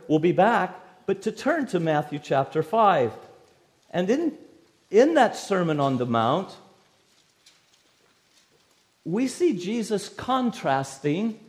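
Animated male preacher, lively pitch. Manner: emphatic, wide-ranging delivery with sudden drops to quiet. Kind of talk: expository sermon.

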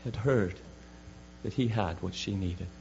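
Male preacher, fervent sermon, loud then hushed, muffled lo-fi sound, mains hum. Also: on the low side, unhurried, vocal fry.

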